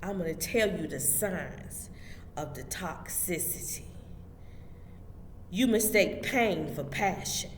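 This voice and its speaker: A woman's voice: on the low side, lively intonation, takes it slowly, pauses often. A woman hosting a motivational spiritual talk, preaching emphatically and addressing her listeners directly. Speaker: host. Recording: echoey hall with faint background noise.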